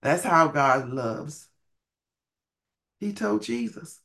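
A male preacher giving a sermon, emphatic, repeating key phrases and swinging between loud bursts and hushed lines, with folksy grammar. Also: sits high, lively intonation, a little slow, long pauses.

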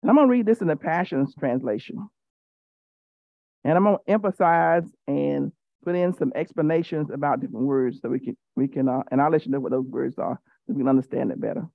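A woman's voice: low voice, brisk, vocal fry, no room sound, phone-quality sound. A woman giving a sermon as a Bible teacher, emphatic and repetitive, teasing her listeners directly. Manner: emphatic, repeats key phrases.

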